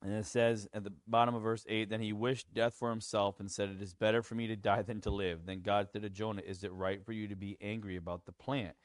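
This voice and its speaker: A man's voice: fairly low pitch, fairly quick, hardly any pauses, no room sound. Conversational preaching man, dry sound. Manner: conversational preaching with fillers, rising to animated acted-out quotes. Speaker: pastor. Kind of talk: sermon.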